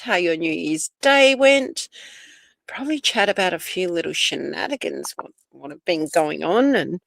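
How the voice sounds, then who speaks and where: A woman's voice: mid-range voice, creaky, no room sound. A woman from Australia with an Australian accent and Italian as her first language, hosting a casual livestream and chatting to viewers. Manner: chatty, greets viewers by name, drifts between topics. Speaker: livestream host. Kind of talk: casual live chat reading comments.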